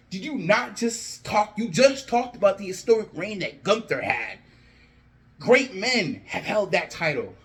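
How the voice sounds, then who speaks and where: A man excitedly narrating his own wrestling storyline like a play-by-play caller, animated and sometimes shouting. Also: high voice, a little slow. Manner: animated, breathless, shouts at big moments. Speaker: wrestling fan booking storylines.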